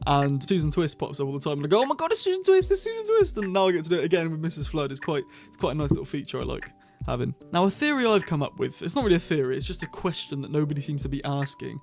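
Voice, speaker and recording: A man's voice: on the high side, fast talker, vocal fry, a little mellow, faint music behind. A man hosting a casual review vlog, talking in a chatty, rambling way and often correcting himself. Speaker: channel host reviewing episodes.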